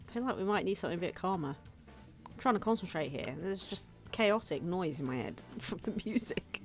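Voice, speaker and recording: A woman's voice: fairly low pitch, animated, fairly quick. A woman casually commenting while she plays a game, thinking aloud and laughing at herself. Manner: chatty, self-amused, thinks aloud, often laughs. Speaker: gaming video host. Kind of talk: casual let's-play commentary. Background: faint game music.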